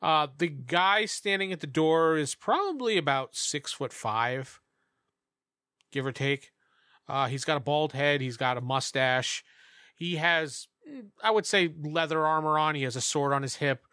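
A man's voice: a little high, unhurried, sharp tone, clear, resonant tone, no room sound, clean studio sound. A man narrating a tabletop game as game master in a casual, rambling way with lots of fillers. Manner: casual, filler-heavy description.

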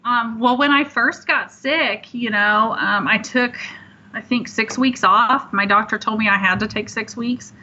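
A woman in her thirties as an interview guest, telling her story in a heartfelt, halting way with many pauses. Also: fairly high pitch, sharp tone. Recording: dull lo-fi line.

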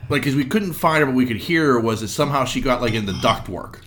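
Podcast co-host, male, animated storyteller, slight background hiss. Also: mid-range voice, quick pace. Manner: rambling anecdotes, acts out others' lines. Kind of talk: casual chat, storytelling.

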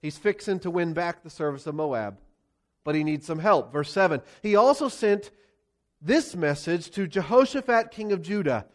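A man's voice: high voice, lively intonation, normal speed. A male pastor preaching a sermon with a Pennsylvania accent, telling the story expressively and asking the congregation rhetorical questions.

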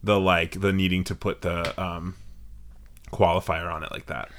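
A man co-hosting a podcast in relaxed, joking chat, often trailing off mid-sentence. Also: sits low, normal speed. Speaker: podcast co-host. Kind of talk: casual chat.

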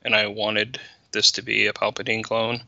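A man's voice: on the low side, little pitch movement, moderate pace, vocal fry, bright, forceful tone, no echo, highs cut off. A man co-hosting a casual podcast chat, wry and orderly as he recaps the plot. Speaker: podcast co-host.

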